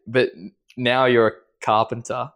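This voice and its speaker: A man hosting a casual podcast interview, laid-back and quick to laugh along. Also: mid-range voice, little pitch movement, creaky, a bit bright, smooth. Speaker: podcast host.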